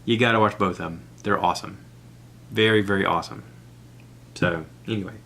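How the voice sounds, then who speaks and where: A man's voice: deep voice, steady tone, a little fast, creaky, pushed and bright, a little hiss or hum. A man hosting a solo podcast, talking in a chatty, rambling way and recommending things with enthusiasm. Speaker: podcast host. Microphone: iPad recording app.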